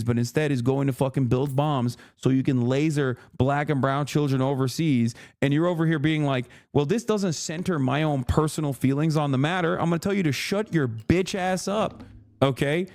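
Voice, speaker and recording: Man, streamer, angry rant, heavy swearing, sarcastic, mid-pitched voice. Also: darkish tone. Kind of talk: heated profane rant to chat.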